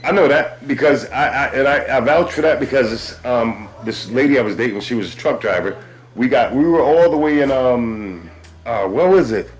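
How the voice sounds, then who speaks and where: A man's voice: mid-range voice, moderate pace. A man hosting a podcast, telling stories in casual chat with many restarts and stammers. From US East Coast. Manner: animated storyteller, stammers and restarts. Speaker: podcast host.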